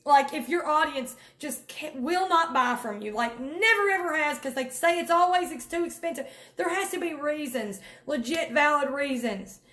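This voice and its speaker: Emphatic high-voiced woman, echoey room. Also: lively intonation, moderate pace, few pauses, fairly bright tone. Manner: emphatic and preachy, calls viewers honey and y'all. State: near tears at times. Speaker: network marketing vlogger. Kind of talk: direct-to-camera pep talk.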